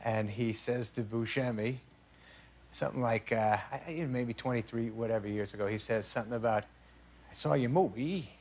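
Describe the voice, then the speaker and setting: A middle-aged man with a lowish voice speaks a little fast as a guest in a television studio with a live audience. He tells comic stories in a relaxed, animated way, often laughing and acting out voices of people he quotes, while audience laughter and noise fill the background.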